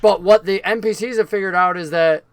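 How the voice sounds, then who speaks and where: A man narrating and explaining rules as game master of a tabletop game, relaxed and patient. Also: high-pitched, a little fast, clean tone, no echo.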